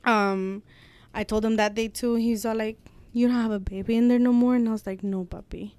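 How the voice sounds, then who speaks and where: Frank young woman, smooth dry voice. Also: a little high, fairly even intonation, fairly quick, dark tone, no echo. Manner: frank, swears freely, mixes in Spanish phrases. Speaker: guest. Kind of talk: casual heartfelt storytelling.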